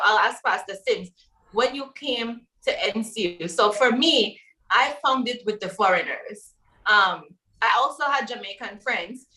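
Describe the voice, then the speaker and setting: A woman's voice: a little high, bright, forceful tone. A woman from Belize moderating a panel discussion, chatty and anecdotal, with frequent fillers. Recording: voice from far off the mic.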